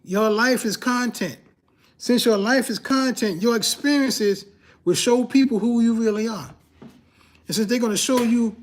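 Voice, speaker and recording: Casting: man with a high voice, emphatic livestream coach who hammers his points with repetition and rhetorical questions, casual slangy delivery. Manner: emphatic, repeats key phrases, fires rhetorical questions. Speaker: YouTube growth coach and host.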